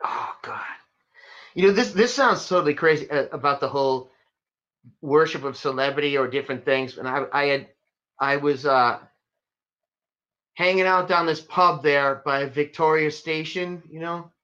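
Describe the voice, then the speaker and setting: A man telling stories in a casual chat, rambling and animated with lots of fillers. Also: on the high side, moderate pace. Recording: dull lo-fi sound.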